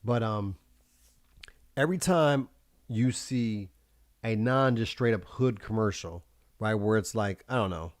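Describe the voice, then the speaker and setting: A man with a low voice rambles through a profane, loose monologue on his own streamed talk show. He laughs often and drifts between topics. The sound is dry and close. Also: measured pace, pauses often, no room sound. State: high. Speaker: livestream talk show host.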